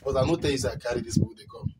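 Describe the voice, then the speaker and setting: A man with a Nigerian accent leading a comedy skit, loudly ordering people around and scolding in mixed pidgin and English. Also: medium pitch, rapid-fire, very noisy. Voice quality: loud, commanding, repetitive scolding. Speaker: comedy skit host playing a concerned relative with police.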